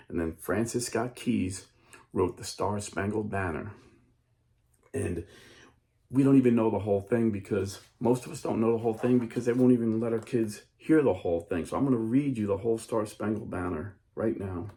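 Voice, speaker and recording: A man's voice: on the low side, moderate pace, dark tone. A man hosting a talk show, retelling a story dramatically and acting out the voices. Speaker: host.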